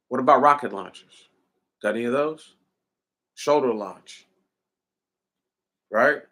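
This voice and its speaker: A man's voice: mid-range voice, a bit bright. A man delivering an impassioned commentary, hammering his points with repeated rhetorical questions in a preaching cadence.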